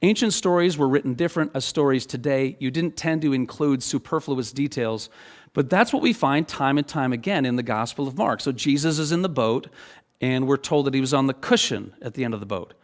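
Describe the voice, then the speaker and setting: Preaching at a brisk clip, this middle-aged man serves as pastor and keeps things animated and casual. His pitch is medium, and he frequently checks in with listeners by saying "okay?"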